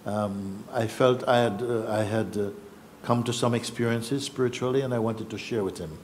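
Low-voiced man telling a personal story. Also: steady tone, darkish tone, a little hiss or hum. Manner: reflective, halting, acts out what others said. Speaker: spiritual teacher.

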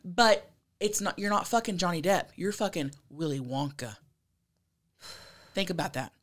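A woman's voice: lowish voice, lively intonation, normal speed. A woman co-hosting a podcast, talking in a brash, blunt, casual way. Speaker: podcast co-host. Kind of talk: casual chat.

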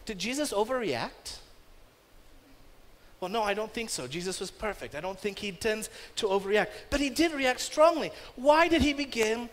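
A man's voice: sits high, expressive, normal speed. A man preaching a sermon as pastor, emphatic and rising sharply when he voices commands. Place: church. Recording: long reverb of a church hall.

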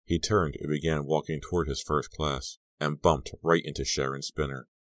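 A male audiobook narrator with an exceptionally deep voice reads in a steady, even way. The sound is close-miked and dry, with no room in it. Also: moderate pace, no room sound. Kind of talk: scripted narration.

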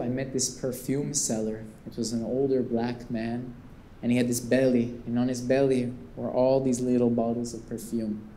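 A man performing a theatrical storytelling monologue, animated and swinging between hushed and excited tones. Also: medium pitch, a little hiss or hum. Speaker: performance artist. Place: performance space with live visitors. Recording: roomy echo.

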